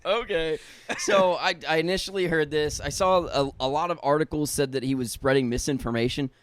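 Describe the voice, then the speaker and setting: A man's voice: on the high side, steady tone, brisk, slight background noise. A young man co-hosting a podcast in casual chat, swearing a lot and laughing, opinionated. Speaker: podcast co-host.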